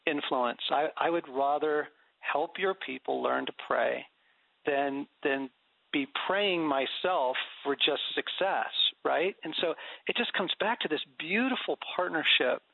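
Gravelly middle-aged man on a phone-like line. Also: a little high, a little slow, dry recording. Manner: animated storyteller, laughs often. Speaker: guest author on prayer. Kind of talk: conversational faith interview. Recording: dry, phone-like radio sound.

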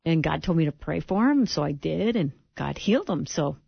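A woman voicing a shy, slouchy teenage boy who gives a short offhand testimony, with a gravelly edge. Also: low voice, lively intonation, moderate pace, dry recording, highs cut off, full character voice. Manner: offhand, mumbling shrug of a delivery.

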